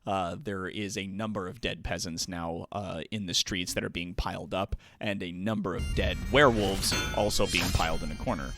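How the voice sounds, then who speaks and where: A man narrating as game master for a tabletop game, with a rambling, halting delivery full of fillers. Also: low voice, fairly even intonation, a bit bright, faint music behind.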